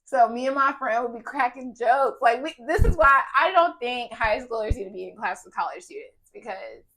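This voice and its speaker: A young adult woman chatting as a podcast co-host, slightly high in pitch and animated. She laughs often and swears casually, with an easygoing, conversational flow. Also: moderate pace. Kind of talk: casual chat.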